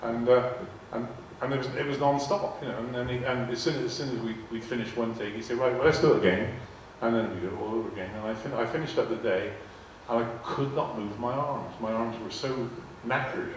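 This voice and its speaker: Brisk and with few pauses, an older man with a mid-range voice and fairly even intonation tells stories to a live audience. The guest speaker rambles, repeats words, and acts out quoted dialogue in a large, echoey arts hall. Faint noise and laughter reach the distant mic.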